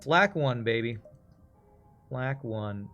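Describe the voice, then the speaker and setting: A man's voice: mid-range voice, lively intonation, slow, fairly bright tone, faint music behind. Chatty East Texas man streaming a game. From American South. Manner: chatty, rambling, reacts to the game as he talks. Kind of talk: casual gameplay commentary.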